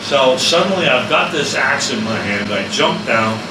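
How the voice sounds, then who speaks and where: A man's voice: medium pitch, lively intonation, normal speed, reverberant, distant mic, noisy background. A man steadily retelling a dream in a plain, casual way. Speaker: interviewee describing a dream. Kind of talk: casual recollection.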